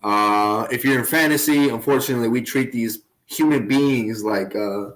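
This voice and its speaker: A man's voice: mid-range voice, normal speed, fairly bright tone, poor audio. Rambling man talking sports. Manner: rambling with fillers and laughs. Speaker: podcast co-host. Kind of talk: casual sports chat.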